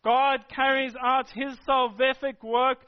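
A man with a very high voice preaches a sermon, pressing each point with repeated, emphatic phrases. The recording sounds dull and lo-fi. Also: little pitch movement, takes it slowly, clear, resonant tone. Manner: emphatic, repetitive preaching cadence.

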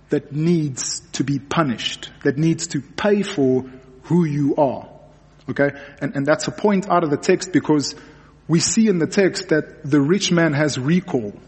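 A man's voice: a little high, a little mellow, big-room sound. A man preaching a sermon in an earnest way, often repeating words as he presses a point. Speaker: pastor.

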